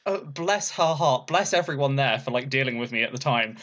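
A young man in an interview, telling a story in a lively way, laughing often and raising his voice to act out what people said. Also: mid-range voice, a little fast, highs cut off. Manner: animated, laughs often, acts out quotes in a raised voice. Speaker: interview guest, burlesque performer.

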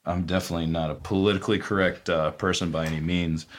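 A man's voice: sits low, fairly even intonation, quick pace. A man from South Carolina, a former hibachi chef telling candid stories in an interview, casual and self-deprecating with lots of fillers.

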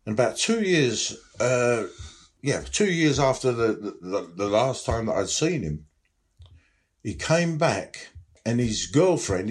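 Man, low voice, middle-aged, rambling frank storyteller. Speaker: former nightclub security boss. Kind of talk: storytelling interview.

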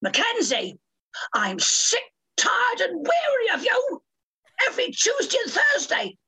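An older woman voicing a stern, bossy woman gym teacher who scolds loudly, with a husky voice. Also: very high voice, huge pitch swings, a little slow, voice pushed up, exaggerated voice. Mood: scolding. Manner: sharp, scolding and loud.

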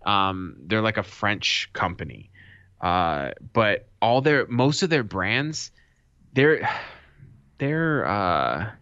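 A man co-hosting a podcast, telling a story in a casual, animated way and swearing freely. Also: on the low side, slow pace, no echo. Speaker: podcast co-host. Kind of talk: casual chat. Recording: dull lo-fi sound.

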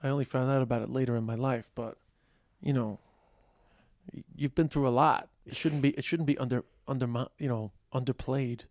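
A man's voice: medium pitch, steady tone, brisk, a little mellow, dry recording. Guy interviewer, blunt and swears a bit, mid voice, dry close mic. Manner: blunt, swears casually, sympathetic questioning. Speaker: interviewer, host. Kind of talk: candid interview conversation.

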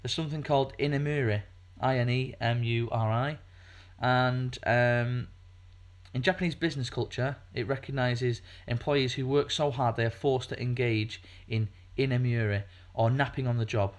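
A man's voice: medium pitch, fairly even intonation, normal speed. A man co-hosting a podcast, talking casually in a rambling way with lots of fillers. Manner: rambling, chatty, many fillers and restarts. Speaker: podcast co-host.

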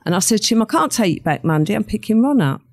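A woman's voice: medium pitch, sing-song, fast, a little mellow. An older woman, recounting a true crime story as an interview guest and acting out the quoted voices.

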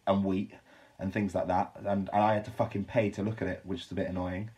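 A young man, a podcast guest telling a casual, animated anecdote and swearing freely. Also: low voice, fast talker, noisy background. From Britain. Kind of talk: casual storytelling.

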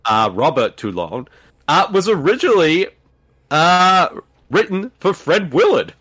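Lively bright-voiced man podcast host. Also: fairly high pitch, a little slow, breathy edge. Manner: animated, laughs often, shares film trivia. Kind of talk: casual movie commentary chat.

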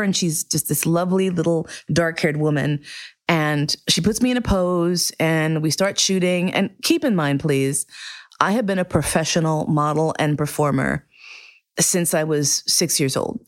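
A middle-aged woman hosting a podcast, telling a candid, profane personal story with lively acted-out quotes. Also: low-pitched. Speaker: podcast host.

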